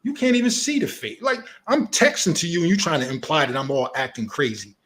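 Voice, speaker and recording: A man's voice: fairly high pitch, fairly quick, fairly bright tone. A man giving a heated, profane commentary rant, confrontational and argumentative as he rebuts an online opponent.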